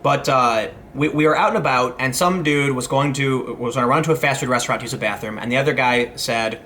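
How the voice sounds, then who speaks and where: Fast, bright-voiced man ranting. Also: mid-range voice, a little hiss or hum. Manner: rambling, many restarts and asides. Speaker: commentary host. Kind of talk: casual commentary vlog.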